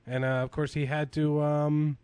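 A man's voice: a little high, level tone, moderate pace, dark tone, clear, resonant tone, dry recording. Male co-host, loose rambling banter with crude humor, dry mic. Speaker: podcast co-host. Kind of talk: casual chat.

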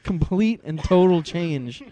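A man's voice: fairly high pitch, lively intonation, slow, mellow. A man co-hosting a casual podcast chat, cutting in with dry wisecracks. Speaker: podcast co-host.

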